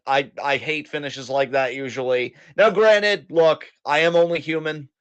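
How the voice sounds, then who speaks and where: A man co-hosting a live wrestling reaction stream, his voice sitting a little high for a man. He talks loosely and animatedly, swears freely and rambles between thoughts. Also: normal speed, few pauses, a bit bright, clear, resonant tone, highs cut off. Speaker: co-host of a wrestling reaction show. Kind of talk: casual live commentary chat.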